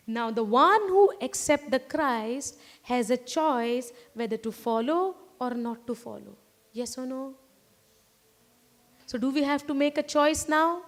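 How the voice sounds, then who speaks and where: A woman's voice: extremely high pitch, a bit bright. A woman with an Indian English accent preaching a sermon, emphatic and repeating phrases while calling on the congregation to answer.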